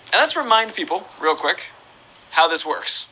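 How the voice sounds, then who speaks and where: Very animated and high-sitting, his pushed, bright voice moves at normal speed over a low-quality recording with slight hiss or hum. The young man streams a game, reading viewer questions aloud and chatting in a rambling, playful manner.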